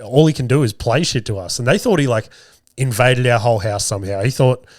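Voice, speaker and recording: This casual storytelling monologue comes from a podcast host in his thirties whose throat sounds strained and sore as he meanders through a profane tale at his own expense. His mid-range voice moves fairly quickly, and the recording is dry and clean, studio-style.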